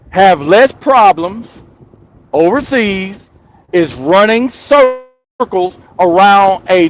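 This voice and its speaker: High-voiced man holding forth, slow and emphatic. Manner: emphatic and repetitive, hammering points home; laughs between points, talks straight to the audience. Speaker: channel host. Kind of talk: casual opinion commentary to viewers.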